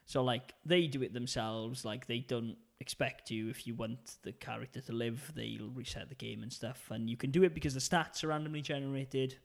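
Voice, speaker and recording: A man's voice: medium pitch, fairly even intonation, normal speed, vocal fry, hardly any pauses. A man with a Welsh accent, co-hosting a casual gaming podcast, rambling through stories. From Wales. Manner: rambling, chatty storytelling. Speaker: podcast co-host. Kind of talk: casual chat.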